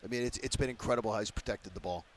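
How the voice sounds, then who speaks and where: A man in his fifties from the Philadelphia area, a sports radio guest telling stories with animated emphasis in a casual interview. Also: lowish voice, racing, a little hiss or hum. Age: 50s.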